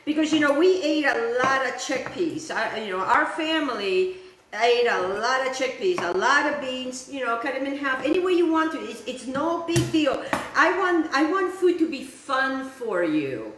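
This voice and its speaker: A chatty woman with a high voice walks viewers through a recipe, calling them guys and repeating little phrases as she works. Her voice rings out in a very echoey kitchen with a faint hum behind. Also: animated, normal speed, a bit bright. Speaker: cooking show host. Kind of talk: casual cooking demonstration.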